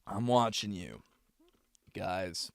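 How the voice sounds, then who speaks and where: Streamer type, low and fry-laced, animated delivery, dry close sound, rambles to chat. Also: male voice, very slow, no echo. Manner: rambling, chatting with viewers. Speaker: voice actor streamer. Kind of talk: casual live-stream chat.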